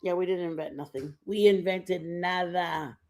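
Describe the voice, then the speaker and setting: A woman's voice: fairly low pitch, fairly even intonation, moderate pace, a little mellow, faint music behind. A middle-aged woman hosting a casual livestream, telling rambling home stories with lots of fillers. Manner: rambling, chatty storytelling with many fillers. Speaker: livestream host. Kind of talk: casual chat.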